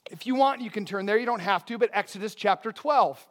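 Male pastor, high-pitched, easygoing conversational sermon delivery. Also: fairly quick. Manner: conversational preaching with rhetorical questions.

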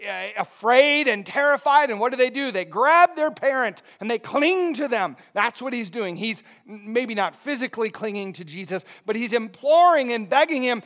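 A man preaching a sermon, his delivery dropping soft and then rising loud. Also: extremely high pitch, lively intonation, normal speed, few pauses. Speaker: pastor.

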